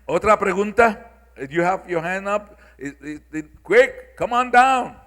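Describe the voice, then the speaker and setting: Fields: Man, bright emphatic lecturer, echoing hall. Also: high-pitched, lively intonation, unhurried. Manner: emphatic, repetitive, preacherly. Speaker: symposium speaker. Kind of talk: public lecture to an audience. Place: large hall. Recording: long reverb of a large hall.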